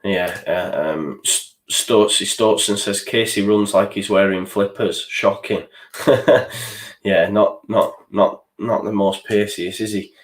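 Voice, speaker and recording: A man's voice: lowish voice, steady tone, measured pace, roomy sound. A young man, hosting a live football watchalong, frustrated and swearing as he reacts to the match and reads out viewer chat. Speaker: fan channel host.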